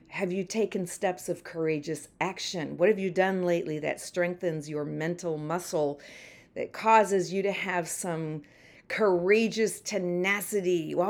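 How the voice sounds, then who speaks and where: A woman's voice: lowish voice, darkish tone. A woman hosting a motivational podcast, speaking emphatically, repeating phrases and leading her listeners in affirmations. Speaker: podcast host and mentor. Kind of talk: motivational pep talk.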